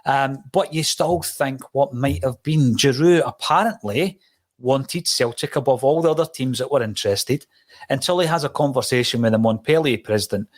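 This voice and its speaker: A man, hosting a football podcast and telling stories in a relaxed, chatty way. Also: mid-range voice, moderate pace. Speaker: podcast host. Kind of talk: casual chat.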